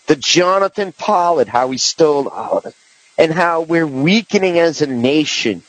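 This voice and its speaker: A man's voice: on the high side, animated, moderate pace, rough recording. A man hosting a podcast in casual political chat, rambling with many restarts and fillers. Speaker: podcast host.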